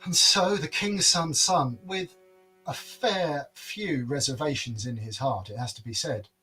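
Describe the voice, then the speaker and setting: A man's voice: on the high side, a little slow, sharp tone, soft background music. A man telling a folk tale aloud in a playful, repetitive storytelling manner.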